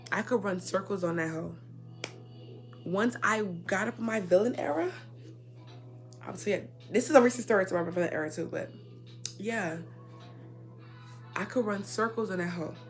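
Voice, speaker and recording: Fired-up young woman ranting a story. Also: medium pitch. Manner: animated, indignant, swings between loud and quiet. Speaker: storyteller vlogger. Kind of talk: casual storytime rant.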